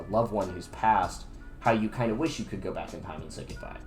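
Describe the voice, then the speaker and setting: A man co-hosting a casual podcast about comics, talking with enthusiasm and tripping over restarts. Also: lowish voice. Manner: enthusiastic, rambling, stammering restarts. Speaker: podcast co-host.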